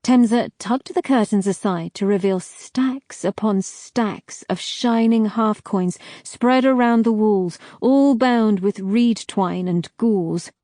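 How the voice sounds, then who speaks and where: Woman, audiobook narrator, slow steady reading, dry close mic. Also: medium pitch, no room sound. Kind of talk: scripted fantasy narration.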